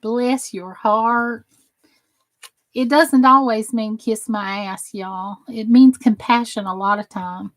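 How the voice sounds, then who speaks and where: Speaking a little slowly with few pauses, a middle-aged woman with a mid-range voice and Southern American accent runs a crafting channel livestream. She's chatty and playful, reading and answering what viewers write.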